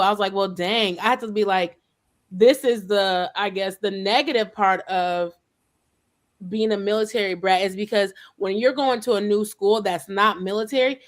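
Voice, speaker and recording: A woman recalling her childhood as a military kid in casual, chatty conversation, full of "like" and lively quoted asides. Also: medium pitch. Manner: chatty, heavy use of "like", animated when quoting others. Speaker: guest sharing her experiences as a military child.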